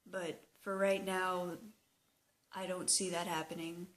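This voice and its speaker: A young woman talking slowly and hesitantly in a personal video diary, open and emotional. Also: lowish voice, little pitch movement. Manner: slow, hesitant, emotional confessional talk. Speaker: vlogger.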